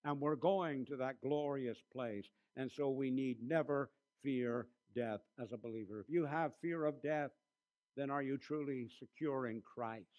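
A man preaching a sermon as a pastor. He slows down to stress key phrases and drops his voice softly for quiet storytelling. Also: mid-range voice, dull audio.

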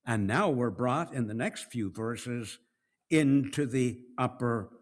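Middle-aged guy preaching, slow and drawn out, soft then loud. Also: mid-range voice. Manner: slow, with dramatic swings between soft and loud. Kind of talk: sermon.

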